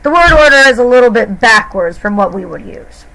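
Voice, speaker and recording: High-voiced woman teaching Spanish grammar. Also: lively intonation, a little fast, bright, forceful tone, low-quality recording. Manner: patient, explains step by step with classroom fillers. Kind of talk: recorded classroom grammar lesson.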